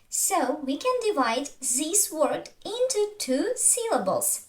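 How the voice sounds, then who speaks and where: A woman with a Russian accent, a Russian speaker teaching beginners in English, slowly repeating each example word for her learners. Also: sits high, very animated, echoey room. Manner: slow, patient, repeats words for learners. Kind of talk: beginner language lesson.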